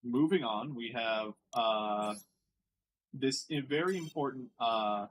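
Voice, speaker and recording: An American man streaming casual commentary as he reacts to online posts, sarcastic and quick to laugh, sometimes mocking French words. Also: mid-range voice, slight background noise, rough recording.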